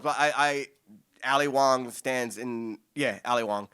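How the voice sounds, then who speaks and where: A man in his forties answers audience questions at a poetry reading in an excited rush. He keeps restarting his sentences and swears casually. His pitch sits in an ordinary middle range. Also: unhurried, clean tone. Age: 40s. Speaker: guest poet at a reading.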